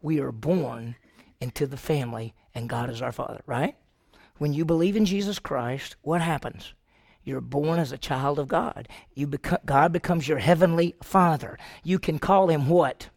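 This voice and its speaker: A man's voice: fairly high pitch, moderate pace, vocal fry, dry recording, studio quality. A middle-aged male pastor preaching a sermon, asking his congregation questions and answering them himself, acting out quoted voices.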